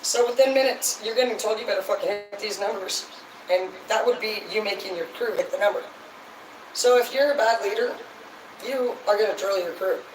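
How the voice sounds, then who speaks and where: A woman's voice: medium pitch, brisk, background noise. Blunt, swearing woman on a distant, echoey mic. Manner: blunt, heavily profane, rambling. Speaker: livestream host. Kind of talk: casual livestream rant.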